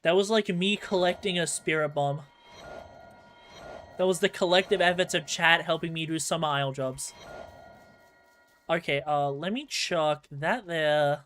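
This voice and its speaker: An Australian man with a fairly bright, high-sitting voice streams a game, offering rambling live commentary and talking to his chat.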